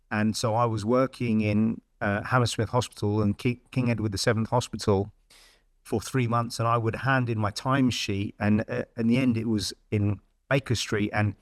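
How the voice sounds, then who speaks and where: A man's voice: lowish voice, no room sound, studio quality. A middle-aged man frankly telling his career story in a casual interview. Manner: blunt, frank, lively retelling with quoted dialogue. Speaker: podcast guest.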